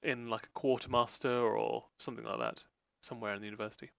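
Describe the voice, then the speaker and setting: A man's voice: mid-range voice, steady tone, fast, creaky, a bit bright, no echo. A man narrating a tabletop role-play game as game master, rambling with lots of fillers.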